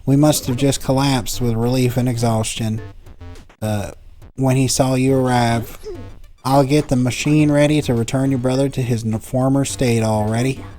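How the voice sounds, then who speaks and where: A man's voice: mid-range voice, steady tone, moderate pace, dark tone, faint music behind, close to an everyday voice. A man voicing a doddering elderly male ghost-hunting professor with a folksy drawl, reading game dialogue aloud. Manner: folksy drawl, trails off mid-story.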